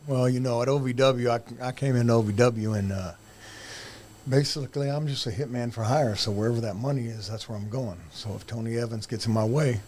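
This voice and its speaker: A man talks in a cocky, tough way, bragging about being a hired gun in a casual chat. His pitch sits mid-range, with a faint ambient hum behind him. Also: steady tone, brisk, a little mellow. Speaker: guest professional wrestler. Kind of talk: casual interview talk.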